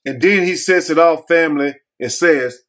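A man's voice: on the high side, normal speed, fairly bright tone. A man hosting a commentary vlog, talking in a folksy, scolding, preachy way. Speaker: host.

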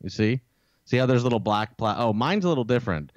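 A laid-back man chatting casually as a podcast co-host, his pitch rising and falling a lot. He comes through a dull, lo-fi mic. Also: lively intonation, quick pace, no room sound. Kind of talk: casual chat.

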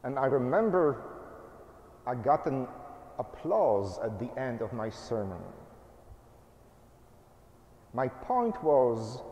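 A man delivers a sermon in short, measured phrases, taking his time over each one. His mid-pitched voice carries through a roomy church with a long, trailing reverb. A faint hum of room ambience sits behind him. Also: a little mellow. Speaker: pastor.

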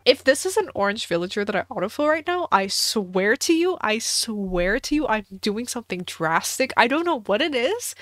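A young woman streaming a game, chatting casually with her viewers in an excitable, dramatic way, dropping to mutters and jumping up to shrieks. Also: fairly high pitch, dry recording. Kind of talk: casual gameplay commentary to a live chat.

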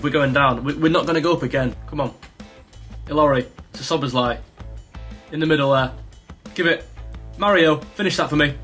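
A young man commentating his own football video game, ranting with frustration and yelling when chances come. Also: on the high side. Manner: excitable, swings between frustrated rants and yelling at shots. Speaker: gaming YouTuber. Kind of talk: live gameplay commentary. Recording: faint music behind.

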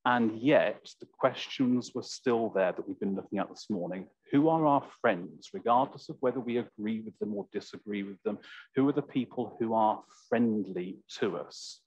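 A man preaching a sermon in church, slow and reflective, with a slightly croaky voice. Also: lowish voice, a little mellow, no room sound. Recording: dull, lo-fi church recording.

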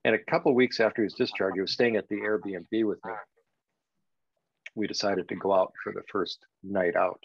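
Older guy with a low gravelly voice, slow reflective story, lots of "you know", dull dry sound. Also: steady tone, no room sound. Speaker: guest. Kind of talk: storytelling in a podcast interview.

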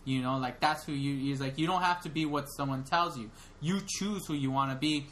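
A man's voice: mid-range voice, fairly quick, a bit bright, a little hiss or hum. A young man co-hosting a podcast, retelling a film in casual chat, rambling with lots of fillers and restarts. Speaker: podcast co-host.

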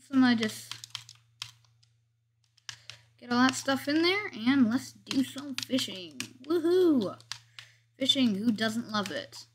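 A woman's voice: on the high side, lively intonation, unhurried, pauses often, fairly bright tone, a little hiss or hum. A woman chatting casually as she narrates her gameplay, commenting on every move and joking about herself. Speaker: gameplay video host.

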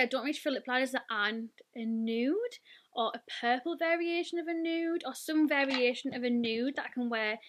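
Gushing high-voiced British woman. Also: fairly bright tone. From United Kingdom. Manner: gushing, chatty, lots of "like" and "oh my god". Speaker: beauty vlogger. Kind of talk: excited unboxing and swatching.

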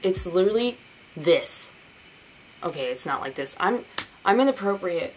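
Brief: young woman vlogger, lowish voice, sarcastic and profane, faint room hum behind. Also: moderate pace, pauses often, poor audio. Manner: sarcastic, profane and animated, mocking others in put-on voices. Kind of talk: casual ranting vlog.

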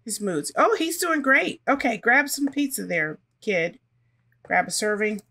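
A woman's voice: high voice, sing-song, measured pace, sharp tone. A woman casually commenting on her life-simulation gameplay and chatting to her characters as she plays. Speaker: gaming channel host.

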